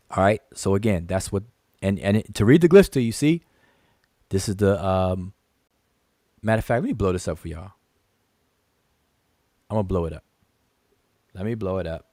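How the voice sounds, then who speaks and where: A man's voice: lowish voice, expressive, normal speed, long pauses, mellow, dry recording, clean studio sound. A man walking viewers through tomb photos on screen, talking emphatically, counting aloud and often repeating himself. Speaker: channel host teaching hieroglyphs. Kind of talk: screen-share lesson with rebuttal.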